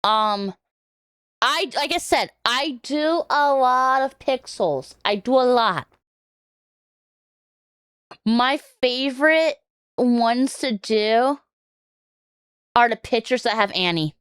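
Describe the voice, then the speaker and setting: A woman's voice: fairly high pitch, expressive, slow, pauses often, a bit bright, smooth, no echo, studio quality. A woman streamer chatting casually on a reaction stream, rambling and joking, swearing now and then, with a scratchy throat.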